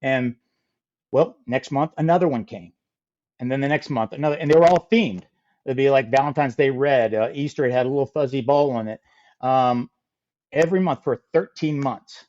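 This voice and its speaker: A middle-aged man telling a funny story as a podcast guest, lively and acting out the people in it. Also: medium pitch, moderate pace, lo-fi sound. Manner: animated, acts out quoted voices. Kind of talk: casual storytelling.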